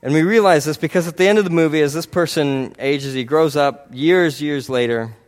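Pitched on the high side, this man's voice moves fairly quickly through a sermon. He keeps it earnest and conversational, frequently checking with listeners by asking "right?" and starting phrases over.

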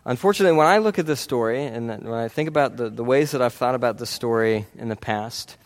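A man's voice: mid-range voice, quick pace. Earnest man preaching a sermon. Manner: earnest, conversational, frequent "right?" tags and restarts.

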